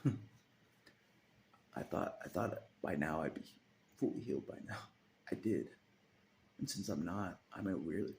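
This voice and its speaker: Deep gravelly man rambling with chuckles. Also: expressive, moderate pace, pauses often, darkish tone, slight background noise. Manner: rambling, chuckles often, trails off into muttering. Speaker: vlogger. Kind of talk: casual monologue to camera.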